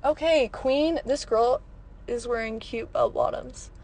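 A woman's voice: a little high, measured pace, very noisy. A young woman hosting a podcast from her parked car, rambling and chatty, laughing often. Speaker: podcast host. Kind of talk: casual chat.

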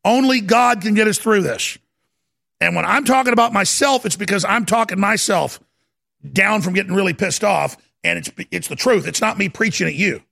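Male talk host, bright and forceful, high-pitched fiery rant with lots of shouting and stammering. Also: moderate pace, gravelly. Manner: swings between yelling and low muttering. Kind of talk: ranting talk radio monologue.

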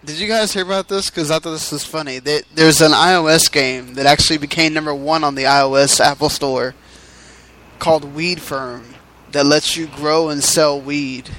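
A man co-hosting a casual gaming podcast, chatting and joking, quick to laugh. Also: a little high, steady tone, fairly bright tone, poor audio. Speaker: podcast co-host.

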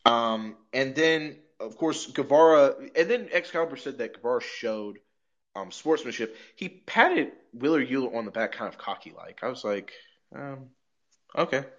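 A man co-hosting a podcast, recapping wrestling shows in an animated, casual way, swearing and laughing as he goes. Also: mid-range voice, moderate pace, muffled recording. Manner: animated storyteller, swears and laughs mid-sentence. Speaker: podcast co-host.

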